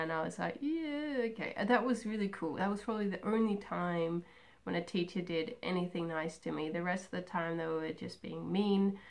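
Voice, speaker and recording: Chatty woman with a low voice. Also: vocal fry. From Australia. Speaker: craft vlogger. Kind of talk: casual personal chat.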